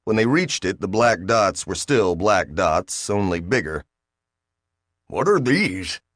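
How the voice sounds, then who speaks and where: Male audiobook narrator, low voice, measured and dry. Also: a bit bright, dry recording. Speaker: audiobook reader. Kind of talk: scripted narration.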